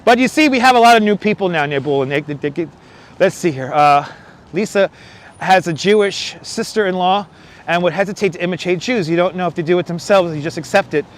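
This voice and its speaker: Talking fairly quickly in a high voice, a man streams live outdoors as he crosses a windy bridge in the city. He chats, jokes and reads viewer comments aloud through a wireless lapel mic, while traffic and subway trains pass nearby.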